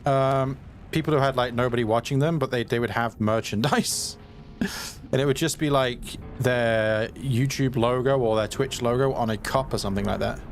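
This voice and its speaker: A man's voice: mid-range voice, steady tone, faint music behind. A man streaming a live playthrough, chatting casually and mocking himself when he gets stuck. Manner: chatty, self-mocking, quick to frustration. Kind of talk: live gameplay commentary.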